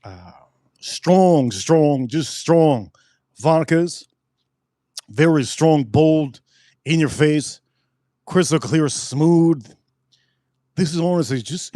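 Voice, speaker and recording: A man hosting a casual live tasting review, excitable and repeating himself for emphasis. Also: fairly high pitch, slow pace, pauses often, dry recording, studio quality. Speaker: spirits reviewer host.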